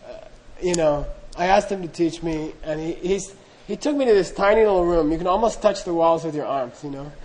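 A man's voice: on the high side, brisk, a little mellow, low-quality recording. A middle-aged man telling a humorous, self-deprecating story to an audience in a loose, anecdotal way, acting out the dialogue. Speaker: speaker recounting monastery training.

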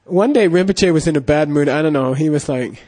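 A middle-aged man with a fairly high, darkish voice speaks fairly quickly in a casual Buddhist dharma talk. He rambles through anecdotes, constantly checking in with "you know" and "okay?"

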